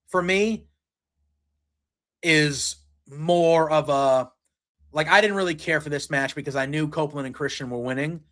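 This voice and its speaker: A man hosting a podcast, casually recapping a wrestling show in an excited, rambling way and retelling scenes and lines. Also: fairly high pitch. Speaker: podcast host. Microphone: streaming setup.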